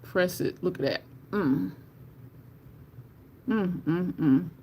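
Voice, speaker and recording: An animated, talkative livestream host chats casually with viewers at home. The voice sits at a mid pitch, and a faint hiss runs underneath. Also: slow, vocal fry. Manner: chatty and animated, addresses viewers as y'all. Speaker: livestream host reviewing makeup.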